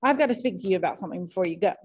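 A woman's voice: fairly low pitch, animated, rapid-fire, a little mellow, husky. A woman reading a strained, awkward young man. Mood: alarmed.

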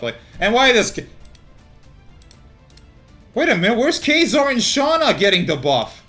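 Hyped, animated young man commentating gameplay. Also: high-pitched, unhurried, soft background music. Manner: swings between loud hype yelling and muttered thinking aloud; swears casually, laughs often. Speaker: gaming YouTuber.

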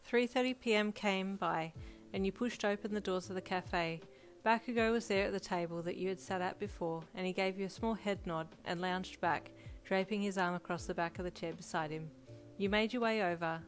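Woman reading a fan fiction story, steady narration, lowish voice, soft music underneath. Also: a little fast. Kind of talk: second-person story narration. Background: faint music.

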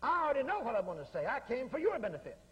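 A man's voice: very high-pitched, wildly swooping pitch, racing, noisy background. A man preaching a revival sermon, bold and emphatic, hammering his points through repetition. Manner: bold, emphatic, repeating phrases. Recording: echoey hall with long reverb.

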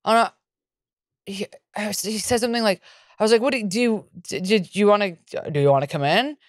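A woman's voice: medium pitch, fairly quick, no echo, clean studio sound. Foul-mouthed woman podcast co-host spinning stories. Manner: profane, animated storytelling with acted-out quotes. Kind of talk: casual chat.

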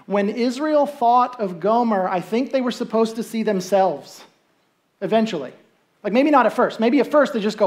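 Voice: medium pitch, expressive, normal speed. A pastor preaching a sermon in a church in an easygoing, conversational way, checking in with the congregation and briefly acting out the voices of people in the story. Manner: checks in with listeners with rhetorical asks. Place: church sanctuary.

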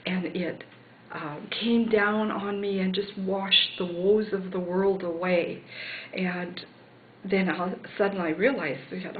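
A woman's voice: mid-range voice, steady tone, slow, slight background noise. A woman recounting a near-death experience, reflective and searching for words, on a roomy, phone-like recording. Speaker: interviewee.

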